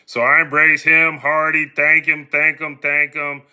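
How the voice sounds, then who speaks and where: A middle-aged man from the United States casually telling a personal story on his podcast, animated and acting out the voices of the people in it. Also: a little high, unhurried, clean tone. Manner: animated, acts out quoted voices.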